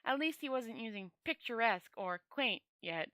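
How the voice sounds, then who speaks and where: Bright-voiced woman reading a novel aloud. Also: fairly high pitch, normal speed, no echo. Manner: chatty, relaxed, stumbles and rereads words. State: dry throat. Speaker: storyteller host. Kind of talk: reading a novel aloud, casual sign-off chat.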